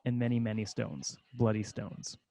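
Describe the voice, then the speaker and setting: A man's voice: on the low side, fairly even intonation, moderate pace, gravelly, warm tone, a little hiss or hum. A man narrating screenplay stage directions in a matter-of-fact way.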